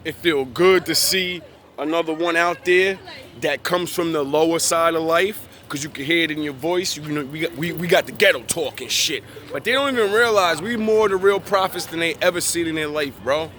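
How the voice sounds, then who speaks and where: A man's voice: high-pitched, a bit bright, a little hiss or hum. A young man giving a casual, preachy monologue in profane street slang, worked up as he preaches. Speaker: vlogger.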